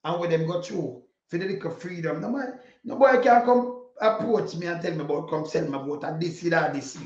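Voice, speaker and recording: A Jamaican man giving impassioned political commentary in patois, preachy and repetitive, sometimes breaking into a shout. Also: on the high side, lively intonation, normal speed. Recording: roomy, dull lo-fi sound.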